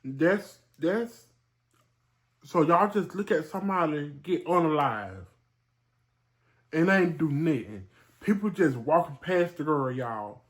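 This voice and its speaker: A woman's voice: deep voice, animated, measured pace. Chatty woman vlogger talking to viewers. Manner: chatty, repeats herself, calls viewers y'all. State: emotional. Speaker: vlogger host. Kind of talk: casual commentary to viewers.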